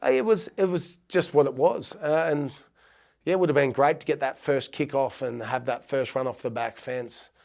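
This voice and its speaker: A man's voice: mid-range voice, moderate pace, creaky, a little mellow. A middle-aged Australian man, a former rugby league player, telling heartfelt stories in a podcast interview with frequent restarts.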